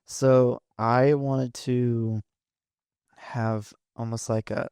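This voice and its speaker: Gravelly young man, relaxed and joking. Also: medium pitch, extremely slow, dry recording, clean studio sound. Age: young adult. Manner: relaxed, joking, trailing fillers. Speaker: podcast guest, son. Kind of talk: casual father-son podcast chat.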